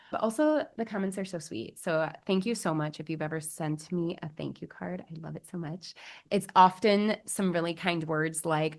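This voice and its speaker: A young woman hosting a solo podcast as a bridal alterations specialist, chatty and bubbly with gushing exclamations. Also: fairly low pitch.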